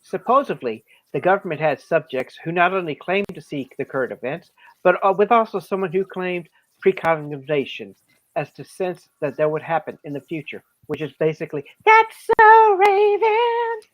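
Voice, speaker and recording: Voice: mid-range voice, animated, normal speed, dull audio. A podcast co-host reading prepared notes with playful asides.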